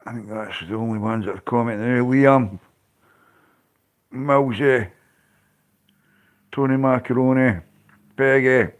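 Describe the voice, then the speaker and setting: Speaking at a medium pitch with fairly even intonation, this Scottish livestream host talks a little slowly and pauses often. He rambles casually to his live viewers, cursing and laughing frequently along the way.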